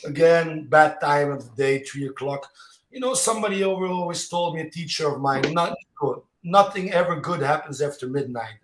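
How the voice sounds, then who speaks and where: A somewhat high-voiced man talks casually as a guest, telling animated anecdotes in choppy, fragmented bursts full of "you know". His voice rings out in a noticeably echoey room. He sounds like a martial arts teacher sharing his experiences. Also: fairly quick. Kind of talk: casual interview storytelling. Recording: roomy echo.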